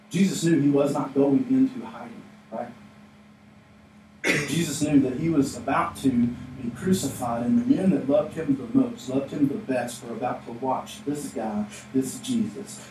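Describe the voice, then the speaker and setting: A man's voice: medium pitch, mellow. A man preaching a conversational sermon in a church, often asking "right?" and acting out quotes. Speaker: pastor. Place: church sanctuary. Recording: echoey room, mic at a distance, faint noise.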